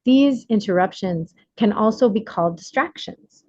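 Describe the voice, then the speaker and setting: A woman reading her own self-help book aloud in an earnest, measured, deliberate way. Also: medium pitch, lively intonation, darkish tone, dry recording, dull audio.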